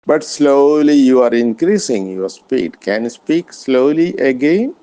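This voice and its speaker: A man practicing spoken English with an AI, speaking carefully and politely with frequent pauses and restarts. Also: medium pitch, expressive, mellow, clear, resonant tone. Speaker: English learner.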